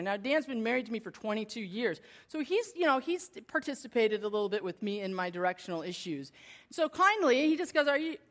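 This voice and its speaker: Animated woman storyteller. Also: a little high, fairly quick. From United States. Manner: animated, self-deprecating, lively shifts between bright and hushed. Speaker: speaker addressing an audience. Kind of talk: personal storytelling talk.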